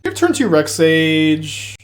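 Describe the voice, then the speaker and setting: A man's voice: on the high side, measured pace. Rambling Texan man streaming a card game. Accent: Texas. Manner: thinking aloud, rambling and excitable. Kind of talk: casual gameplay commentary.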